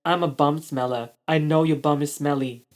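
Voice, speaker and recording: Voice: mid-range voice, fairly even intonation, moderate pace, darkish tone, lightly acted. A storyteller voicing a rude, odd grown man who talks bluntly and matter-of-fact.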